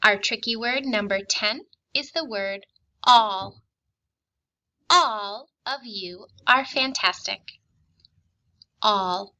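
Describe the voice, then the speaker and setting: A woman teacher giving a recorded spelling and grammar lesson, reading words and sentences slowly and clearly, patient and encouraging. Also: mid-range voice, pushed and bright, rough recording. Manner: slow, clearly enunciated dictation, patient and encouraging.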